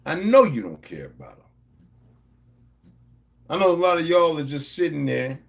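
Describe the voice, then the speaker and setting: A man's voice: fairly high pitch, very animated, normal speed, vocal fry. A middle-aged man with a New Jersey accent, talking to his subscribers in a rambling, profane, confrontational monologue. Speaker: vlogger.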